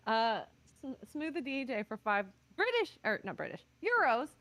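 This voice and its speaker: A woman's voice: sits high, big pitch swings, a little slow, a bit bright. A woman hosting a livestream, chatting casually and laughing often. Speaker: streamer host.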